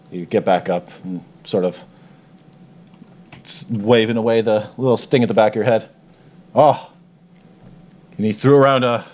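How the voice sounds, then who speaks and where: A man's voice: lowish voice, darkish tone. A man narrating a tabletop game as game master, playful and often correcting himself as he goes.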